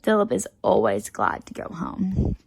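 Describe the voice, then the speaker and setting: A woman reads a children's storybook aloud with a heavily gravelly, fry-laden voice. She tells it lively in the first person, like a chatty, bossy little girl. The sound is close and dry, with no room around it. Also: low voice, a little slow, no room sound, poor audio. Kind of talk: reading a picture book aloud.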